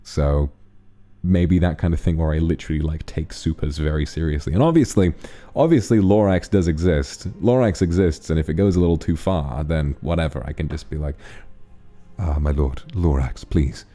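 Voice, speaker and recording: A male streamer chatting loosely with his audience and thanking supporters as he goes. His voice sits very low, with quiet background music playing under it. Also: brisk. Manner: relaxed, rambling, thanks donors. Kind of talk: casual stream chat reading donations.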